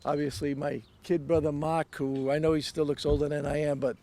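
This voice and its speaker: Older man, gravelly, heartfelt outdoor speech. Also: on the high side, level tone, dark tone, slight background noise. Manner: heartfelt, halting with fillers. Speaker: dedication speaker. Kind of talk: public speech. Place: outdoors at a pond.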